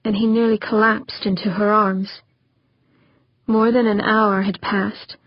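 A woman's voice: medium pitch, level tone, unhurried, no echo, muffled recording. A woman reading a novel aloud as an audiobook narrator, voicing the characters as she goes. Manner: voices characters with rising intensity.

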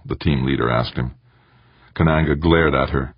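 A man narrating an audiobook in a steady, measured reading. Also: rumbling low, husky, no room sound. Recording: dull, muffled dry recording.

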